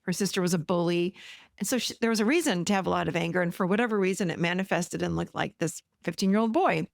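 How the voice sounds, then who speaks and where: A woman's voice: fairly low pitch, quick pace, gravelly, dry recording, studio quality. A woman podcast host and therapist telling a client story in a casual, chatty way, often addressing listeners directly.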